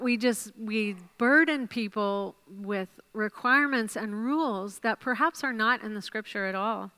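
Woman, Bible study teacher, slow unhurried delivery, bright clear voice, encouraging class discussion. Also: medium pitch. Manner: encouraging, praises answers, thinks aloud while writing.

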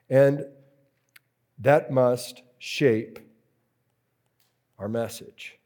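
A man teaching a preaching workshop to a live group, slow and deliberate, repeating key phrases as he works through a drawing. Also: mid-range voice, animated, a little mellow.

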